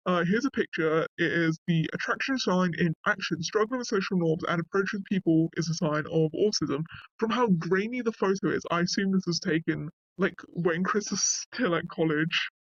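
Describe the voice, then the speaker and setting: A man's voice: high-pitched, moderate pace, no room sound, highs cut off. A man reading passages from an online article aloud and reacting to them bluntly in casual commentary, cursing now and then.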